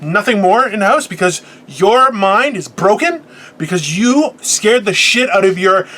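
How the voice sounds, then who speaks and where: A man in his forties co-hosting a podcast, telling a profane story in an animated casual rant with sudden loud outbursts. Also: high voice, measured pace. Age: 40s. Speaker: podcast co-host.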